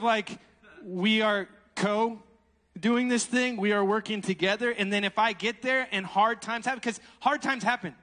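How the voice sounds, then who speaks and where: A man's voice: high voice, bright, forceful tone. A man in his thirties preaching a sermon, telling a story and joking at himself with frequent laughs. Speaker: pastor. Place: church hall. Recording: long hall reverb.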